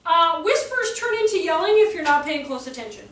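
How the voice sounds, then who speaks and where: A woman teaching a workshop for early childhood teachers to a live audience, animated and often acting out voices and exclamations. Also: very high voice, brisk. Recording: roomy echo, voice from a distance, faint background noise.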